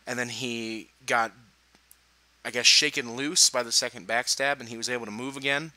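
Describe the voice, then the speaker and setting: A man's voice: mid-range voice, steady tone, normal speed, pushed and bright, dry recording, low-quality recording. A young man giving casual gameplay commentary, chatty and laughing, with playful sarcastic asides.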